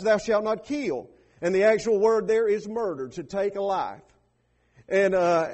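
Preacher guy, high voice, gets loud and emphatic, sermon style. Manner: preaching with rising emphatic bursts and quoted lines. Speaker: pastor.

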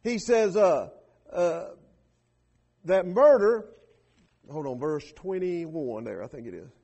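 A pastor delivering a sermon with emphatic, rising bursts of preaching. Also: male voice, on the high side, lively intonation, takes it slowly, dark tone, breathy edge.

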